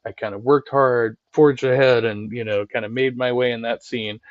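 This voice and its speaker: A man hosting a live stream, rambling in a loose conversational way, tagging his points with "right?" and swearing freely. His recording sounds dry and a little dull, with no room around it. He speaks at a middling pitch for a man. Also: fairly even intonation, moderate pace, no room sound. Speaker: streamer and channel host. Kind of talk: casual live-stream commentary, reading chat.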